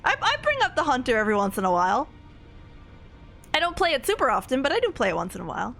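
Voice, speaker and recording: Brief: young adult woman streamer, casual chat, giggly and rambling, high lively voice. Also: quick pace, gravelly, soft background music. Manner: chatty, giggly, rambling with restarts.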